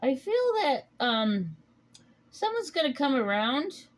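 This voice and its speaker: A woman giving a casual spoken tarot reading, talking in a rambling, halting way with many pauses and restarts. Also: high-pitched, sing-song. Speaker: tarot reader.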